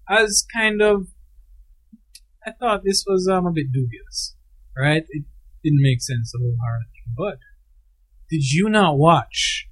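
A man co-hosts a casual movie podcast in a playful, teasing way. His voice is on the high side for a man, and he fills pauses with ums. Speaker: podcast co-host. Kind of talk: casual film chat.

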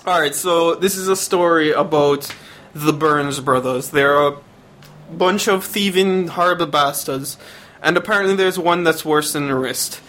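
A man's voice: a little high, measured pace, fairly bright tone, a little hiss or hum. A man co-hosting a casual film review podcast, laughing often and speaking emphatically. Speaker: podcast co-host.

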